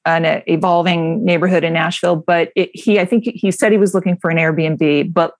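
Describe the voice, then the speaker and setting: A woman's voice: fairly low pitch, steady tone, moderate pace, no room sound, studio quality. A woman with a New England accent, a podcast host chatting frankly and giving practical advice. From New Hampshire. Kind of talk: interview chat and advice talk.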